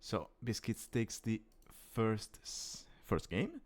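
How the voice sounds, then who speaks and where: Low-voiced caster. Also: male voice, wildly swooping pitch, slow, a little mellow. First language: Italian. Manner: thinking aloud, restarting words mid-phrase. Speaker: esports caster. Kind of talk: live strategy game commentary.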